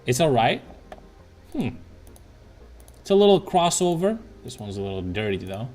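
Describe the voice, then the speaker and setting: A mid-range male voice swings widely in pitch, a little mellow and at normal speed, while soft music plays. He's a streamer checking out car listings, thinking aloud with slang, profanity and abrupt exclamations.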